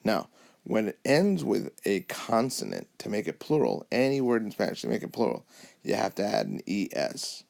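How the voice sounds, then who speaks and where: Low gravelly man teaching. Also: wildly swooping pitch, moderate pace, darkish tone. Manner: patient, repeats "okay?" and "alrighty?" to check understanding. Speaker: Spanish teacher. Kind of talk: whiteboard lesson narration. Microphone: tablet mic over whiteboard app.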